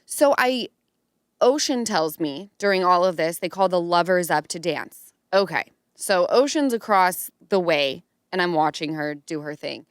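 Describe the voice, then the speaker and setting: A woman hosting a podcast, telling a story in casual chat and acting out quotes in a higher voice. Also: lively intonation, unhurried, smooth, dry recording, clean studio sound. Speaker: podcast host.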